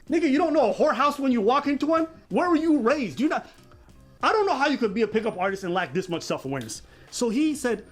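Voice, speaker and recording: A young man co-hosting a podcast, mocking and animated, swearing freely as he rants. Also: sits high, quick pace, faint music behind. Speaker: podcast co-host. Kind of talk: heated podcast commentary.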